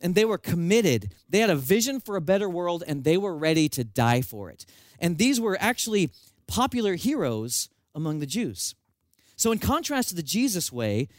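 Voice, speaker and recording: A man preaching a sermon with animated storytelling and self-mocking humor. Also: high voice, no echo. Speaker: pastor.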